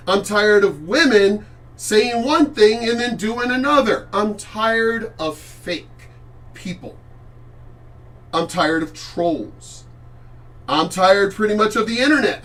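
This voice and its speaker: A man's voice: fairly high pitch, fairly bright tone, far from the mic. A middle-aged man ranting bluntly on a livestream, heated and full of curse words. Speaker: vlogger. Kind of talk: ranting live-stream monologue.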